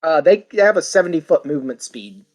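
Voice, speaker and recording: A tabletop game player speaking at an ordinary pitch, describing their moves plainly and matter-of-factly. They pause now and then to think before answering. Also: lively intonation, a little mellow.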